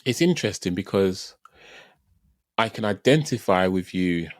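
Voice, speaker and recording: A man hosting a podcast, answering his guest in a measured, encouraging way. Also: low-pitched, lively intonation, dry recording, studio quality. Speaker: podcast host. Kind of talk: casual conversation.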